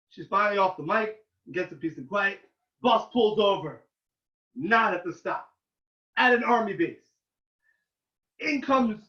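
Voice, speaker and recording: A man, a rabbi, giving an informal talk to yeshiva students and telling animated stories in which he loudly acts out the quoted lines. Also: high-pitched. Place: room at a yeshiva. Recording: roomy, distant and dull.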